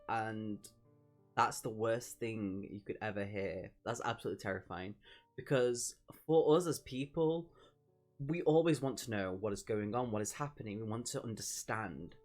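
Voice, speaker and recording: A man hosting a book review vlog, reading excerpts from a novel aloud and breaking off to react. His voice sits at an everyday middle pitch, and his delivery is emphatic and expressive, swinging from glee to revulsion. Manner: emphatic, reacting with disgust and delight.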